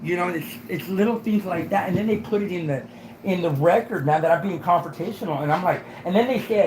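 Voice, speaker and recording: A man's voice: high voice, fairly quick, echoey room, a little hiss or hum, rough recording. A man making a rambling complaint to a sheriff, often asking "right?" to check he is followed.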